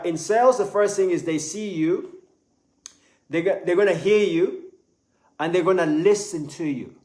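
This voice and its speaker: A man giving a live online sales lesson in an animated way, repeating words as he talks. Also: sits high. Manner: animated, acts out little voices, repeats words. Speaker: sales trainer. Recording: echoey room.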